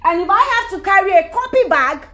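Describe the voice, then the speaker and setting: A Nigerian woman in her forties holds forth on her own in a high voice. She talks with animated, emphatic energy. Her pitch swings widely as she jumps from one point to the next. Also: fairly quick. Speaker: actress giving advice. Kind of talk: casual monologue to camera.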